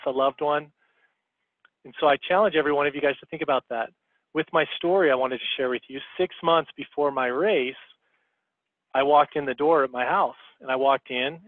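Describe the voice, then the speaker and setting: A man's voice: a little high, no room sound. A man giving a motivational talk as a guest speaker on a team call, coaching his listeners and checking in with "okay?". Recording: tinny phone line.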